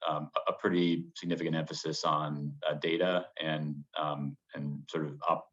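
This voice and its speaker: A man being interviewed as a business guest, answering in a measured way full of qualifiers. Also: a bass voice, a bit bright. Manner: measured, hedging with many qualifiers. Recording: dull lo-fi sound.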